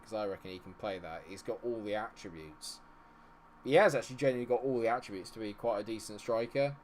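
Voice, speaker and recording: A man giving live commentary on a football management game, chatting with viewers and reacting loudly to the match. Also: low voice, slight background noise. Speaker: streamer.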